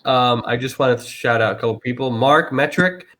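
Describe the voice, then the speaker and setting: A man's voice: mid-range voice, little pitch movement, fast talker, a bit bright, poor audio. A man from the Tampa area hosting a live-stream interview, chatting casually and teasing his guests. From Tampa area, Florida. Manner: teasing and joking.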